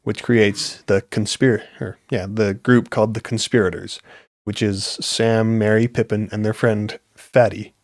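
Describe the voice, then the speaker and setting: A man's voice: fairly low pitch, flat delivery, a little slow, no echo, studio quality. A young man hosting a podcast, rambling on earnestly in a casual chat, with many fillers. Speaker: podcast host.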